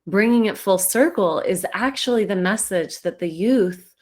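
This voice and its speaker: A woman's voice: medium pitch, moderate pace, darkish tone. A woman hosting a spiritual livestream in a casual, reflective way, laughing easily as she talks.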